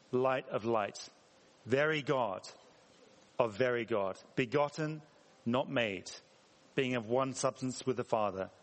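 A man preaching a sermon in a church, talking conversationally and putting questions to the congregation. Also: medium pitch. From England. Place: church hall. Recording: reverberant church hall.

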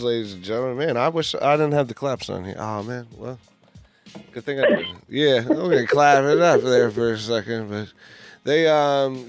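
A man hosting a radio interview show, casual and rambling, joking and laughing often. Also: medium pitch.

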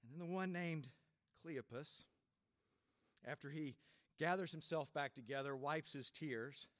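Male pastor, slightly high voice, dry close sound; reflective sermon delivery, gentle laughs, swings between firm and hushed. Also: no room sound. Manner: reflective, unhurried, with soft laughs and sudden shifts from loud to quiet.

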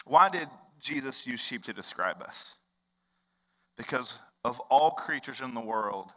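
A young adult man preaching a sermon as pastor, conversational, jumping from loud bursts to hushed low lines. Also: expressive, a little slow, big-room sound, low-quality recording.

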